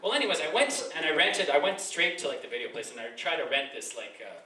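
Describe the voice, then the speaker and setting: A man in his thirties from Chile doing live stand-up, rambling casually with lots of "like" fillers and profanity, and he jumps into loud high voices to act out scenes. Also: lively intonation, fast. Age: 30s. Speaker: stand-up comedian. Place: comedy club with a live audience. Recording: echoey club from far off, loud noise.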